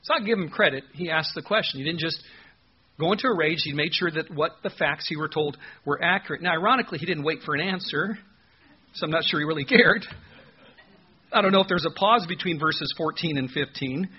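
A man's voice: on the high side, fairly quick, slightly rough, muffled recording. A man preaching an expository sermon, earnest and emphatic, asking his listeners rhetorical questions. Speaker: pastor.

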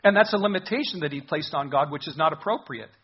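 Husky-voiced man preaching a sermon. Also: a little high, expressive, fast, muffled recording. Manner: earnest expository preaching, explaining verses. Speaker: pastor.

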